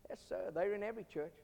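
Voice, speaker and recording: A man preaching a sermon as pastor, emphatic, swinging from loud bursts to quiet storytelling. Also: sits high, creaky. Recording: long hall reverb.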